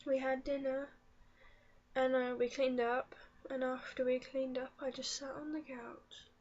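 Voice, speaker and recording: A teenage girl talks slowly and softly in a confessional vlog, her high voice halting and often dropping to a tearful whisper. The sound is muffled and lo-fi. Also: flat delivery. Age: teens. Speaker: vlogger.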